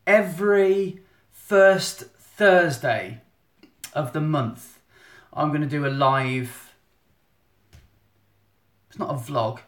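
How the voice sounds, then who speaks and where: A man's voice: a little high, extremely slow, pauses often. A man, chatting casually and rambling a little as he gives a photographer's monthly live update from his phone at home. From England. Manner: chatty, rambling, self-interrupting. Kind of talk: casual live-stream chat. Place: indoor room at home. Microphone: phone at arm's length. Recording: echoey room on phone.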